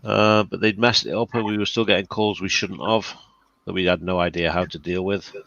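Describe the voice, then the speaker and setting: A man's voice: sits low, flat delivery, brisk, vocal fry, fairly bright tone, no echo, highs cut off. A man co-hosting a casual livestream chat, wry and understated, talking into a computer mic. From United Kingdom. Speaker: co-host.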